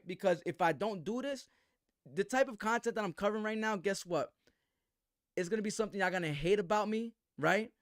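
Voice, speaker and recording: A man's voice: high-pitched, no room sound, clean studio sound. A man hosting a live boxing commentary stream, talking in slang with a defensive tone and asking "right?" again and again.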